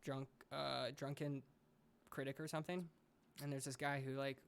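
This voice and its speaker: Gravelly-voiced young man hosting a chat. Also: medium pitch, flat delivery, normal speed, slight background noise. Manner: rambling, lots of fillers and restarts, jokey. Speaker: podcast host. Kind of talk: casual chat.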